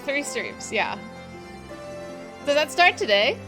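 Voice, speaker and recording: A woman's voice: sits high, huge pitch swings, slow, music in the background. A woman streaming a game, chatting casually and giggling with her viewers. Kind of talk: casual live-stream chat.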